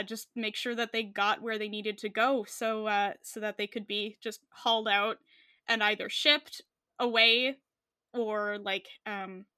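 A woman's voice: fairly high pitch, pushed and bright, clear, resonant tone, dry recording, studio quality. A young Canadian woman co-hosting a podcast, chatting casually with many fillers and frequent laughs. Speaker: podcast co-host. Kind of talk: casual chat.

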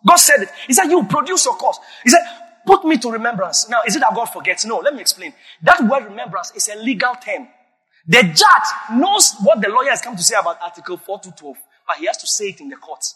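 A man preaching a sermon as a pastor, emphatic and breaking into sudden shouts. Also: extremely high pitch, very animated, a little fast, breathy edge. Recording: long reverb of a large hall.

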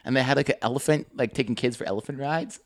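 A man's voice: medium pitch, dry recording, clean studio sound. A man co-hosting a podcast, joking and teasing in casual chat, swearing freely. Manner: jokey, swears, quick to tease and laugh. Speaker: podcast co-host.

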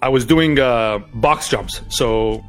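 A man's voice: medium pitch, slow, soft background music. A man being interviewed on a podcast, telling stories in a loose, chatty way and acting out what others said. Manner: animated storyteller, acts out quoted voices. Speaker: podcast guest. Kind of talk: casual interview storytelling.

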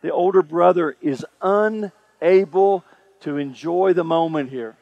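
A man's voice: a little high, unhurried, vocal fry, no room sound, lo-fi sound. A male pastor delivering a sermon, emphatic and repetitive, speaking straight to the congregation. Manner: emphatic preaching, repeats phrases, addresses congregation directly.

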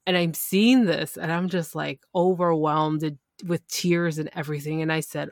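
A woman podcast host telling a personal story in a casual, animated way, full of exclamations. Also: deep voice, moderate pace, few pauses, no echo, studio quality. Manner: animated, excitable retelling.

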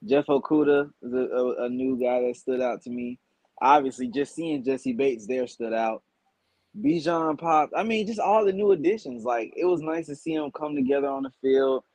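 Dry-sounding man, measured guest analyst. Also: medium pitch, lively intonation, darkish tone, no room sound, rough recording. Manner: measured, thoughtful breakdown with "um" pauses. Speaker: guest podcaster. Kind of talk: casual football analysis.

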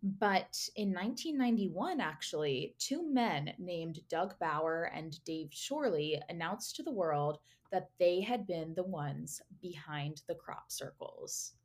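A woman's voice: on the low side, animated, slow pace, few pauses. A young woman co-hosting a casual podcast, telling a story in a chatty, giggly way, full of fillers and asides. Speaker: podcast co-host presenting the topic.

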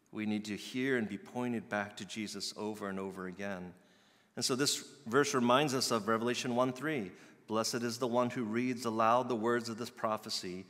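Male pastor, low-set but bright voice, earnest sermon delivery that swells to loud emphasis, long hall reverb. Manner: earnest, builds to loud emphatic peaks then drops soft.

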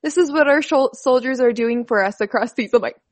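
A woman's voice: fairly high pitch, brisk. A woman chatting casually, earnest and emotional, who laughs easily. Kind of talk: casual chat.

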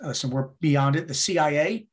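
In a casual interview on a podcast, a blunt, heavily profane male guest makes his points emphatically, repeating words for effect. His voice is on the high side, and he talks at a normal speed.

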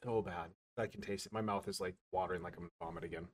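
A man hosting a podcast, telling crude stories in a loose, animated way. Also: low-pitched, very fast, breathy edge. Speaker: podcast host. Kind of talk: casual podcast chat.

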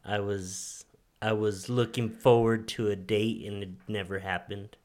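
A man's voice: on the low side, level tone, measured pace, darkish tone. Playful teasing man podcast co-host. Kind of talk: casual chat.

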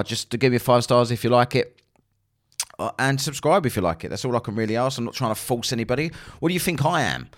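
A man's voice: medium pitch, a bit bright. A man hosting a podcast, talking in a blunt, sarcastic rant with plenty of swearing. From England. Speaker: podcast host. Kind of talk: casual podcast monologue.

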